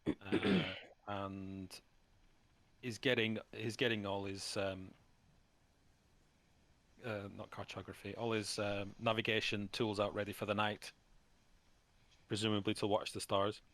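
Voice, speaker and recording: Halting low-voiced male game master. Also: flat delivery, a bit bright, no echo. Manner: halting, full of ums and restarts. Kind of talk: narrating a tabletop game.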